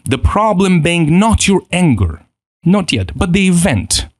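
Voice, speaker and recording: A man giving a spoken self-improvement course lesson, talking in an animated way, acting out inner voices and often restarting his sentences. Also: sits high, measured pace, no echo.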